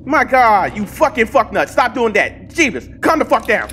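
A man playing a horror game with commentary, swearing a lot and yelping and shouting when startled, chatting to his game companion. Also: very high voice, very animated, moderate pace, faint music behind. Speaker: gaming channel host.

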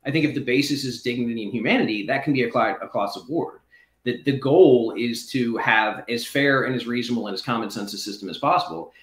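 A man's voice: medium pitch, fast, a bit bright. A man who is a former prisoner, guest in a conversational interview, arguing in an articulate, reasoned way. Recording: roomy echo.

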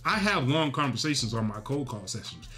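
A man's voice: mid-range voice, sing-song, fairly quick, sharp tone. A man coaching new agents in a casual teaching tone. He talks directly and emphatically, and he keeps checking in with the listener as he goes. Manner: direct, emphatic, frequent "right?" tag questions. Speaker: real estate coaching host. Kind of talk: casual instructional talk.

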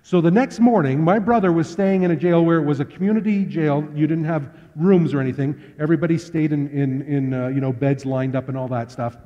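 A man preaching a sermon, telling stories in a relaxed, conversational way. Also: a little high, a little fast, few pauses. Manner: conversational, anecdotal storyteller. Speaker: pastor. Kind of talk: storytelling sermon. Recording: dull lo-fi sound with long hall reverb.

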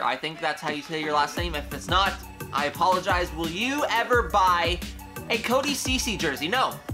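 Young male vlogger, peppy and opinionated, casual Q&A delivery with music underneath. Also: sits high. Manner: energetic, playful, opinionated. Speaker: YouTube host. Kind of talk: casual Q&A vlog.

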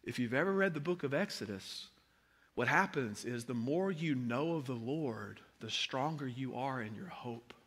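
A man preaching a sermon as a pastor, swinging from hushed tones to impassioned shouting. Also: mid-range voice, animated, moderate pace, husky. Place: large church hall. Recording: long hall reverb.

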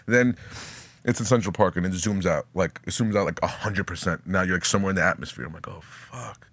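A man's voice: deep voice, fast talker, a bit bright, no echo. A man telling a story in casual chat, swearing a lot and acting out his own reactions. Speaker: podcast guest.

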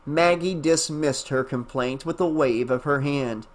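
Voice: medium pitch, a little slow. Enthusiastic audiobook narrator and host. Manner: enthusiastic, chatty, with fillers in the wrap-up. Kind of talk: reading a fan novel aloud, then casual chat.

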